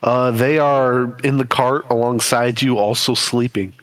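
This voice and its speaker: Slow-narrating male game master. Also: medium pitch, fairly even intonation. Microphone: voice call microphone.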